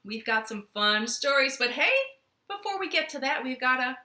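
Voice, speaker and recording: A woman's voice: high-pitched, lively intonation, normal speed, sharp tone, roomy sound. A young woman leading a children's storytime from her living room, playful and sing-song as she talks to the kids.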